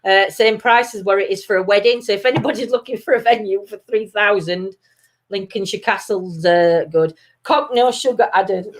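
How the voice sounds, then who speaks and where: A woman's voice: mid-range voice, normal speed. Giggly South Yorkshire woman. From Sheffield, England. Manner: giggly, bursts into laughter often; chatty, reads out viewer comments. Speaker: talk show co-host. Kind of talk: casual live-stream chat.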